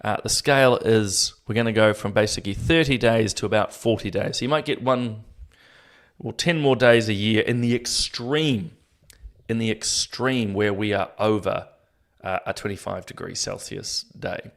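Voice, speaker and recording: A man's voice: lowish voice, moderate pace. A man hosting a casual solo commentary show, talking to viewers in a rambling, self-deprecating way with many fillers and restarts.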